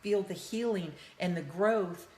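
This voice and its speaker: Her voice is medium in pitch, warm, and a little slow as this middle-aged woman hosts a live talk about grief and healing. Earnest and personal, she checks in with listeners, and her heartfelt motivational message rings through a roomy office.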